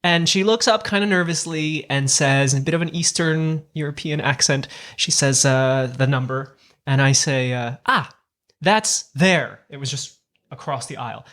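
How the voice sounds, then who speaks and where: Guy hosting a podcast, animated and jokey, acts out every line of his story. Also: mid-range voice, normal speed. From Portugal. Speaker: podcast host. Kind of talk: casual storytelling.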